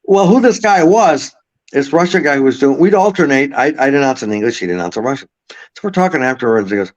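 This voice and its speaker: A Buffalo, New York man appears as a podcast guest, speaking at medium pitch, fast and animated. He tells long, rambling, sweary stories in a casual way, and the audio is slightly muffled.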